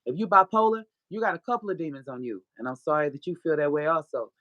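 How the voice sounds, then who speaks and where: Fast-talking and low-voiced, this woman is a guest author telling her own story in a blunt, profane manner, punctuated by spiritual preaching and plenty of laughter. The lo-fi recording carries no room sound.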